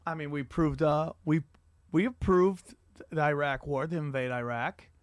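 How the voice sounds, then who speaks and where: A man hosting a podcast, telling stories in an animated, profane comedic rant. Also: a little high, unhurried, no echo. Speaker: podcast host.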